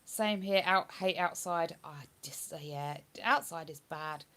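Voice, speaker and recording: A woman's voice: sits low, unhurried, a bit bright. A woman chatting on a live stream, reading viewer comments aloud and answering them. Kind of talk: casual live-stream chat.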